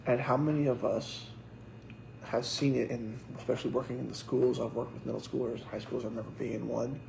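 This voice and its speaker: A young man, a pastor, telling lively stories in a casual sermon and acting out what people said. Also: medium pitch, fairly quick, gravelly, echoey room, background noise. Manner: animated storyteller acting out quotes.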